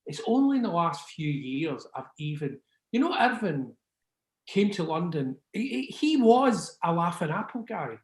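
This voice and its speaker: This record label founder from Scotland, in his sixties, has a high-ish, sing-song voice and speaks a little slowly in a roomy space. Chatting casually with an interviewer, he rambles, swears, and keeps asking "do you know what I mean."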